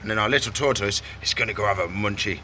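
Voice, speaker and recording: A man's voice: lowish voice, quick pace, bright, forceful tone, a little hiss or hum. A man running a reptile shop vlog, chatting casually and baby-talking to the animals. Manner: playful, baby-talks to animals. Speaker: reptile shop owner and vlogger. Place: pet shop.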